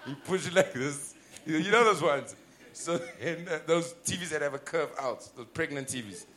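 South African male comic, animated laughing storyteller, bright and tense. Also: a little high, moderate pace. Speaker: comedian guest. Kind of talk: casual comedic chat.

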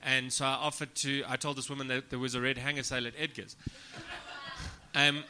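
Comedian guy rambling through a dirty story on a podcast, bright tone, keeps cracking himself up. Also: mid-range voice, flat delivery, brisk, a little hiss or hum. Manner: laughs through his own stories; crude, self-deprecating humor. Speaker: comedian guest.

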